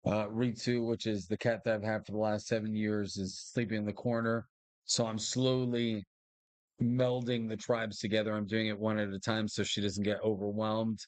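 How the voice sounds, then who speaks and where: A man from Puerto Rico streaming a game, chatting casually with many filler pauses and talking fondly to his kitten. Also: lowish voice, dry recording. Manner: chatty and relaxed, often pausing with fillers, fond baby talk to his kitten. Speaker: gaming streamer. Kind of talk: casual live-stream commentary.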